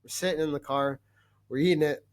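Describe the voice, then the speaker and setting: A man's voice: fairly high pitch, steady tone, fairly quick. Blunt, foul-mouthed man. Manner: blunt, crude and profane, laughs through his stories. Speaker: podcast guest. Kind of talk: casual storytelling.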